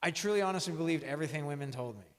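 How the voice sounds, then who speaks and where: A man's voice: fairly high pitch, animated, racing, in a large hall. A man co-hosting a podcast, talking in a reflective, wordy, self-mocking way. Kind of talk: casual podcast chat.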